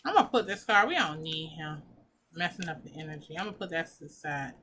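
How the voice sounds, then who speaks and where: A woman's voice: low voice, expressive, fast talker, bright, forceful tone, slight background noise. A woman giving a pick-a-pile tarot reading, talking casually and emotionally, gushing and swearing as she reads the cards. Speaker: tarot reader.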